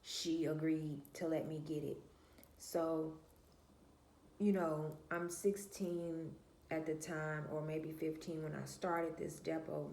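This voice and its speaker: A woman vlogger with a low, slow, mellow voice and a level tone shares a personal story, recorded in a roomy space with faint hiss or hum. Her casual, candid monologue includes free swearing and direct address to viewers. She's emphatic, repeats herself, and trails off with "da, da, da."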